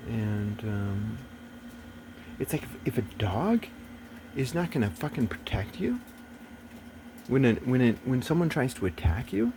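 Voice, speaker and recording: A man's voice: medium pitch, big pitch swings, unhurried, long pauses, warm tone, slight background noise. A man talking in a rambling casual monologue, swearing often and turning agitated and preachy.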